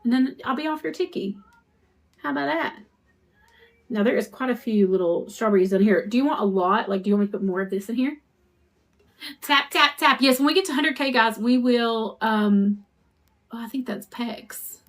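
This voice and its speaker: A woman's voice: a little high, moderate pace. A woman hosting a crafting live stream, chatting to viewers in a rambling, conversational way while she works. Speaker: custom cup shop owner hosting a live stream.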